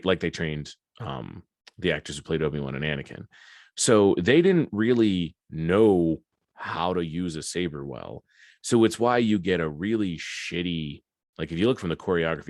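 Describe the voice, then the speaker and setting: A man's voice: extremely low pitch, dry recording. A man hosting a podcast in casual chat, rambling and swearing with enthusiasm at a close mic. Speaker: podcast host.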